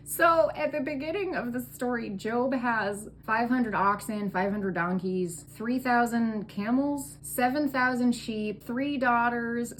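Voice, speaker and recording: A woman's voice: on the high side, slight background noise. A tipsy woman retelling a Bible story for comedy in a sarcastic, profane, valley-girl way.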